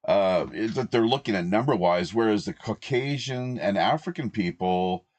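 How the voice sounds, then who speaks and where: A man hosting a podcast in casual conversation, halting, with many restarts. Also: on the low side, darkish tone. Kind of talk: casual talk show conversation.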